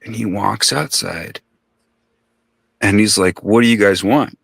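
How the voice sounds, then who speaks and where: A man's voice: lowish voice, unhurried, creaky, a bit bright, breathy edge, no room sound. A man telling a long story in casual podcast talk, rambling and profane, acting out the voices of the people in it.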